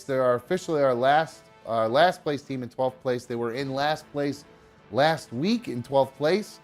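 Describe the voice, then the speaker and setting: A man's voice: mid-range voice, measured pace, faint music behind. A man hosting a live podcast, talking in a loose, joking, profane way with lots of fillers. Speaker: podcast host. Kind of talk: casual live show chat.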